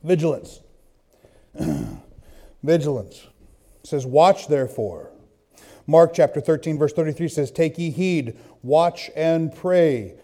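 A man preaching a sermon, telling a story and then reading scripture, swinging from hushed asides to loud bursts. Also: fairly high pitch, expressive, slow pace, pauses often. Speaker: pastor.

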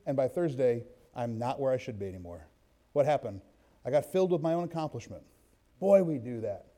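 A man preaching in a church, his voice set a little high for a man but mellow and warm in tone. He mixes loose, rambling personal stories with steady readings of scripture. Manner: conversational storytelling, reads scripture aloud. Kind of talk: sermon.

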